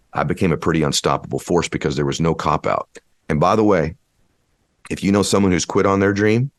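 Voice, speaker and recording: A man's voice: extremely low pitch, no echo, studio quality. A man giving a motivational speech, driving his point home with emphatic, repeated rhetorical questions. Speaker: motivational speaker.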